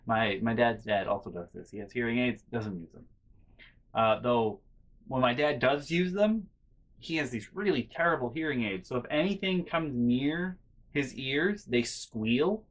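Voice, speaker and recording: A young man vlogging, telling a casual, rambling story full of restarts and quiet muttered asides. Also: mid-range voice, expressive, a little slow. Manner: rambling, self-interrupting with fillers and restarts.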